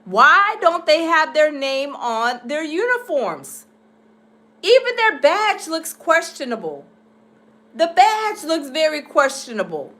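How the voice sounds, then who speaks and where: A woman hosting a live reaction stream, talking to her chat in an animated, exclaiming way. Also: high-pitched, takes it slowly. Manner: animated, exclaiming, laughing often.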